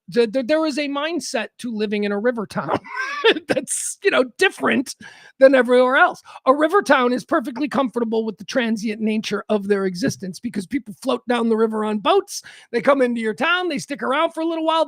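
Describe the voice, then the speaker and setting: A man's voice: very high-pitched, no room sound. A man hosting a livestream, chatting casually and enthusiastically as he comments on online videos, laughing often. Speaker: livestream host.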